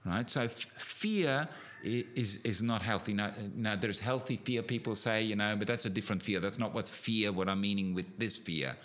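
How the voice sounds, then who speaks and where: A middle-aged man preaching a sermon, animated, building to emphatic peaks with frequent restarts. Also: on the low side, moderate pace.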